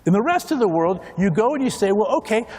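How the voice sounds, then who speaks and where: A man's voice: sits high, big pitch swings, quick pace, a little mellow, breathy edge, in a large hall. A man giving a conference keynote talk, acting out other people's voices as he goes. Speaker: keynote speaker. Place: large conference hall.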